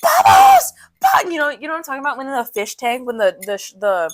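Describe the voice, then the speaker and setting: A woman's voice: on the high side, animated, racing, shouting, heavy background noise. A young adult woman co-hosting a podcast in casual chat, rambling and giggly, often saying "literally". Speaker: podcast co-host.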